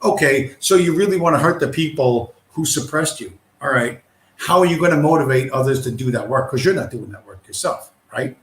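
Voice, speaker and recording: A man's voice: mid-range voice, animated, brisk, a bit bright. A man hosting a livestream, ranting in a profane, scornful and combative way. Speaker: livestream host. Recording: roomy echo.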